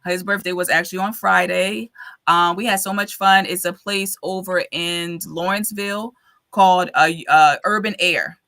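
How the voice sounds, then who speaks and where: A woman in her thirties hosting a podcast, telling a story in a lively way and acting out the voices she quotes. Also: lowish voice, moderate pace. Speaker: podcast host. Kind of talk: casual chat.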